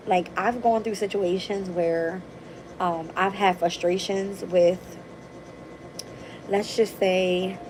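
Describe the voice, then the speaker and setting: A woman hosting a casual tarot livestream late at night, talking bluntly and profanely in an animated storytelling way. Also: lowish voice, noisy background. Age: adult with a daughter. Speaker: tarot reader and channel host.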